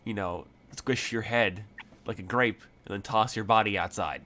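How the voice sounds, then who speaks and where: A man's voice: on the low side, normal speed, bright, forceful tone. A man voicing a grumpy, insulting male leprechaun bartender in a tabletop game, talking with exasperated scorn. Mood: irritated.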